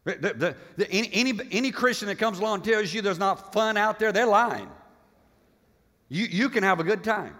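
Bright-voiced preacher man in a reverberant hall. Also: high-pitched, lively intonation, a little fast. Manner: emphatic preaching, repeats words, swings from loud to hushed. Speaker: pastor. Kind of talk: sermon.

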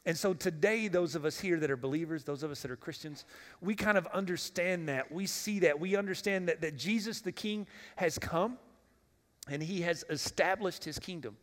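A man's voice: fairly high pitch, moderate pace. A man preaching a sermon as pastor in a church, talking casually and directly, putting questions to the congregation and often repeating words as he restarts. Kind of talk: conversational sermon. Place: church sanctuary. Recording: long reverb of a church hall.

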